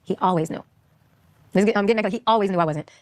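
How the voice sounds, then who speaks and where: A woman in casual conversation, telling her own story quickly and animatedly. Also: medium pitch, dry recording, studio quality.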